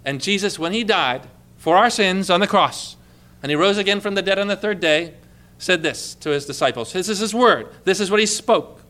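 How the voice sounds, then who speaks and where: Bright, high-voiced man preaching. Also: expressive, moderate pace. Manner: emphatic preaching, quoting scripture with rising fervor. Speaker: pastor. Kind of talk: sermon.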